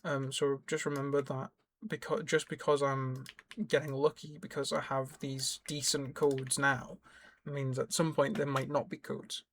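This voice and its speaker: A man's voice: mid-range voice, flat delivery, a little slow, a little hiss or hum. Man rambling through a game tutorial. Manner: rambling, self-correcting, explains as he plays. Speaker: gaming YouTuber. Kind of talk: casual gameplay tutorial commentary.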